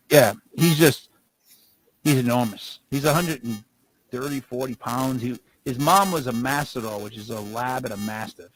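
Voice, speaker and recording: A man's voice: mid-range voice, normal speed, rough recording. A man co-hosting a podcast, rambling through casual stories and laughing as he talks. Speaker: podcast co-host.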